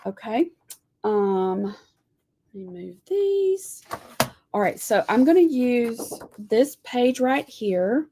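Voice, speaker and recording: A woman's voice: on the high side, sing-song, slow, dark tone, a little hiss or hum. A woman leading a live craft lesson, chatty and folksy as she talks viewers through her lettering. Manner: chatty, folksy, says y'all. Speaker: lettering teacher.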